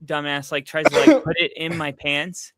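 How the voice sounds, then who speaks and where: A man's voice: on the high side, fairly even intonation, normal speed, a bit bright. A young man hosting a casual sports podcast, telling a story with loose fillers and frequent swearing. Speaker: podcast host. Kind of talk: casual chat.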